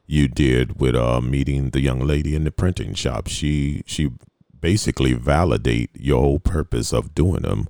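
A man hosting a casual interview, relaxed and conversational, often repeating words as he thinks. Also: very deep voice, moderate pace, vocal fry, no room sound. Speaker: podcast host.

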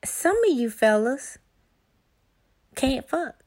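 A woman's voice: high-pitched, expressive, slow pace, a little mellow. Brash, profane woman ranting. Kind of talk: explicit comedic monologue.

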